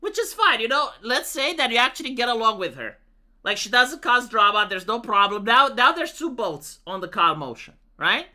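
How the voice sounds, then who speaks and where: A man's voice: very high-pitched, big pitch swings, normal speed, pushed and bright. A man chatting casually with his livestream viewers, telling rambling stories with many restarts and swearing. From Romania. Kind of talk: casual chat to stream viewers.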